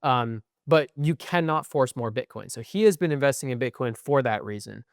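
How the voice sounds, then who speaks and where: Young man, co-host, rambling explainer, dry close-mic sound, mid-pitch. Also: expressive, normal speed, dry recording. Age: young adult. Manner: rambling, frequent "right?" and "um" fillers. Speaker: podcast co-host. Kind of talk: casual chat.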